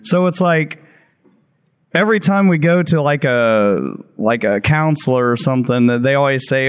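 A man's voice: medium pitch, expressive, normal speed, clear, resonant tone, dull audio. A man from the audience asking a casual, rambling question at a microphone, often searching for his words.

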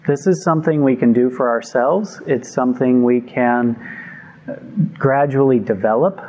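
A man giving a calm, measured talk on meditation to a group, speaking into a microphone. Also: medium pitch, lo-fi sound. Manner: calm, measured, gently reflective. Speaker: meditation teacher. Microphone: microphone before a group.

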